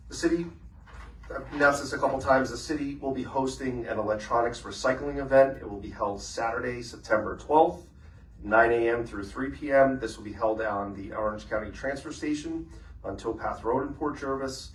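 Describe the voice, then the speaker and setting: A man presiding over a city council meeting, calling votes and making announcements in a brisk, businesslike way with casual fillers. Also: medium pitch. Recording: echoey chamber from far off, faint noise.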